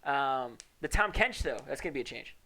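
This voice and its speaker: A man's voice: mid-range voice, animated, fairly quick, pushed and bright. A man casting an esports match, joking, teasing his co-caster and bragging in playful color commentary.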